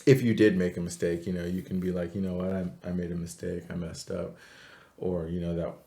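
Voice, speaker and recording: A man chatting casually on a podcast, rambling with quick asides. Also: low voice, flat delivery, mellow.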